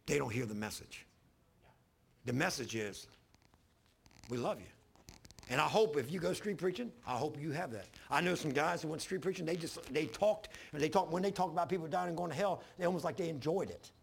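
A man preaching a fervent sermon as pastor, swinging from loud emphasis to hushed lows and calling on the congregation to answer. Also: expressive, a little fast, vocal fry, husky. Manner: calls for congregation responses.

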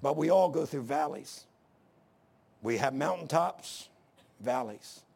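An older man preaching a sermon, swinging from shouting to hushed storytelling, with a gravelly, husky voice. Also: fairly high pitch, lively intonation, slow pace. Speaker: pastor.

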